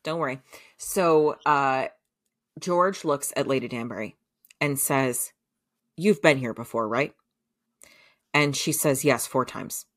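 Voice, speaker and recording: Young adult female podcast co-host, deep low voice, casual storyteller, filler-heavy, laughs easily. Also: takes it slowly, pauses often. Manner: chatty, many fillers, laughs often.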